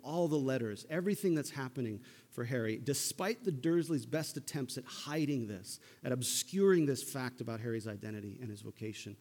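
A man's voice: mid-range voice, darkish tone, in a large hall. A man preaching a sermon in a conversational way, retelling a story and checking in with his listeners. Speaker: pastor.

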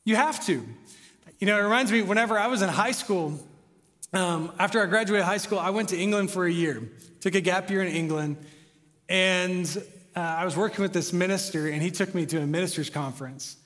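Young american pastor, conversational then fired up, reverby church sound. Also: male voice, sits high, fairly quick, fairly bright tone. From United States. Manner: conversational, builds to passionate emphasis. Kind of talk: sermon. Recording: long hall reverb.

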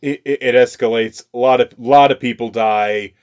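Guy on a podcast, mid pitch, talks fast and animated, keeps restarting his sentences. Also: clear, resonant tone. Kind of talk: casual chat.

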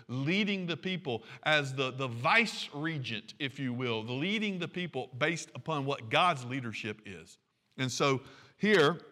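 A man's voice: fairly high pitch, sharp tone. A man preaching a sermon as pastor, talking conversationally with asides to the congregation. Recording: reverberant hall.

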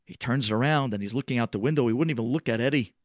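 Man, storyteller, animated delivery, medium pitch, dry close sound. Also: quick pace, no room sound. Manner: animated, swings between loud and hushed. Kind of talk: dramatic religious storytelling.

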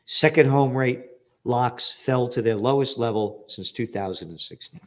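Older man, news commentary, blunt, sarcastic, profane, emphatic, mid pitch. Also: moderate pace. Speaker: trends forecaster hosting a news commentary show. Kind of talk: opinionated news commentary, reading headlines.

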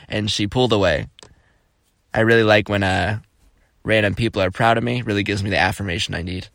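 A young man from Florida hosting a podcast, telling casual stories in an animated, jokey, exclamatory way. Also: on the low side, a little fast, creaky, dry recording, studio quality. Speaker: podcast host. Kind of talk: casual storytelling.

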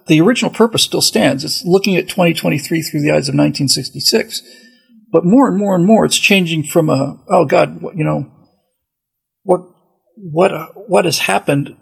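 Very gravelly, raspy man chatting. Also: on the high side, rough recording. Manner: rambling, with many restarts and asides. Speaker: podcast host. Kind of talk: casual monologue.

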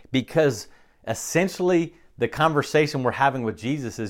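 Guy preaching a sermon, chatty and down to earth, keeps asking "okay?", normal pitch. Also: expressive, moderate pace. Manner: conversational preaching with frequent "okay?" check-ins. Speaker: pastor.

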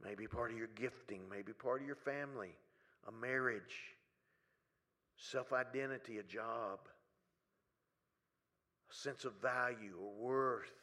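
Preaching to a congregation in a church hall, a man drops to hushed near-whispers and then rises to loud, pleading cries. His voice is medium-pitched, and he often stretches words slowly in drawn-out phrasing.

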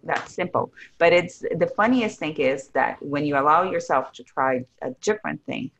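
A woman hosting a podcast in casual chat, animated and gushing. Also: sits low, normal speed, slight background noise. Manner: animated, gushing, slips into excited quoted exclamations. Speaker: podcast host.

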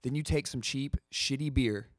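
A man's voice: medium pitch, moderate pace, no echo. Joking man, dry close sound. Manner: laid-back, joking, Southern slang. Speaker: podcast host. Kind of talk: casual chat.

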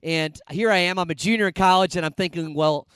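A middle-aged man from Indiana, a pastor telling a personal story in a sermon, animated and conversational with frequent fillers. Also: high voice, quick pace, clear, resonant tone, dry recording.

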